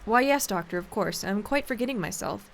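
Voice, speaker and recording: A woman's voice: medium pitch, animated, brisk, creaky, a little hiss or hum. A woman voicing a fussy, kindly elderly female housekeeper in a game, with a put-on accent. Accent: put-on accent unlike the other figures.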